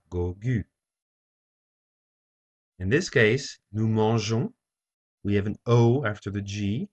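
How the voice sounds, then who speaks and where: A man teaching a French lesson, saying each phrase slowly and repeating it for learners to copy. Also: on the low side, husky. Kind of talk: slow language lesson. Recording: dull lo-fi recording.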